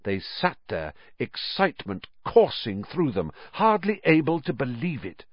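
A man reading an audiobook, narrating in a measured, expressive storytelling manner. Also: mid-range voice, highs cut off. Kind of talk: scripted narration.

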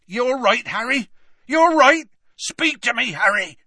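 A man putting on a gruff, kindly giant. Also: mid-range voice, wildly swooping pitch, moderate pace, pushed and bright, no echo, studio quality, pitched above the performer's own voice, full character voice. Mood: frantic. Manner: rough, folksy speech. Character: huge hairy male gamekeeper, gruff and kindly.

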